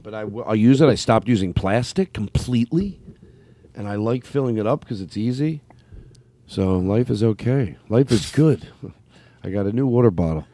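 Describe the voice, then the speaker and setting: A man's voice: fairly low pitch, lively intonation, normal speed, mellow, no echo. A man hosting a podcast after-show, chatting casually in a meandering way, full of fillers, restarts and self-interruptions. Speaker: comedian podcast host. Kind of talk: casual rambling chat.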